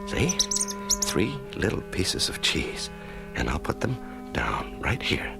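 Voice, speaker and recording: An actor playing a male prisoner broken by long isolation, stammering and trembling as he talks softly, in an old radio drama. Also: low-pitched, wildly swooping pitch, takes it slowly, vocal fry, over loud music, full character voice. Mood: pleading. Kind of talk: 1970s radio drama acting.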